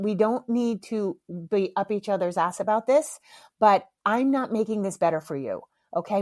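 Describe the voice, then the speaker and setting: A middle-aged woman hosts her podcast in a loose, candid monologue, swearing freely and laughing as she tells a story. Her voice sits at an ordinary, mid-range pitch. The recording is close and dry, with no room sound. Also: a little mellow, dry recording. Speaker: podcast host.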